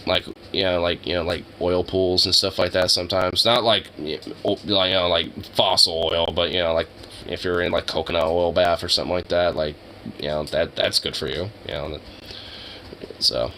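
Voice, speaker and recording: A man's voice: deep voice, steady tone, moderate pace, bright, forceful tone, a little hiss or hum, rough recording. A young man streaming live, chatting casually with his viewers in a rambling, joking way full of filler words.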